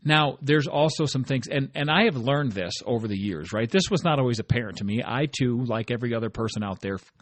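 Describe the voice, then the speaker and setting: A man hosts a solo motivational podcast, speaking fairly quickly in a mid-range voice. He's earnest and encouraging, keeping it conversational and often checking in with "right?"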